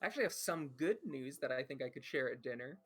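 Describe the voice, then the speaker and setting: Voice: medium pitch, animated, fast talker, a bit bright, breathy edge. Chatty tabletop player rambling about their character, faint music behind. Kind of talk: casual tabletop game play.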